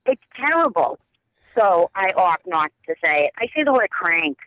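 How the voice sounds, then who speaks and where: Fast-talking Boston woman caller. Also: on the low side, big pitch swings, muffled recording. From Boston, Massachusetts. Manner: talks very fast, rambling. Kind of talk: casual call-in chat.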